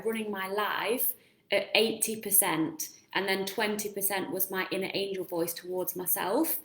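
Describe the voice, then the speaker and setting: A woman's voice: mid-range voice, fairly bright tone. A woman coaching viewers in a casual live-stream talk, earnest and encouraging, asking them lots of questions. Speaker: self-help coach. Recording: roomy echo.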